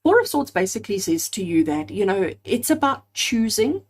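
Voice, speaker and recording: Husky-voiced woman giving a tarot reading. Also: mid-range voice, very animated, normal speed. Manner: earnest, repeats phrases in emphatic lists; addresses viewers directly as friends. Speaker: tarot card reader. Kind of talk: spoken tarot reading to camera.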